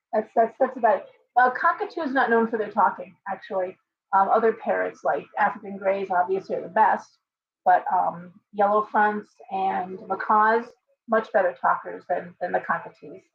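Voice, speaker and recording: A woman's voice: medium pitch, fairly even intonation, moderate pace, vocal fry. A woman hosting a casual livestream from home, chatting loosely and breaking off to talk to her pet bird. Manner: chatty, talks to her parrot in baby talk. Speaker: livestream host and tarot reader. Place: home room with open windows. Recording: dull lo-fi livestream audio.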